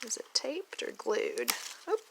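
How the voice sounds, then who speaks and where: A woman from Oklahoma with a light Oklahoma accent and a gravelly edge to her voice, gushing in a chatty, unhurried way while unboxing at her table at home. A clear hiss sits under the home recording. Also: on the high side, very animated. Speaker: doll collector vlogger. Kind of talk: casual unboxing vlog.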